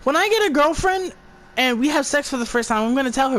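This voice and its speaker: A woman's voice: high-pitched, expressive, fast talker, a bit bright. A woman giving an exasperated, profane movie review, stumbling and restarting her words as she rants.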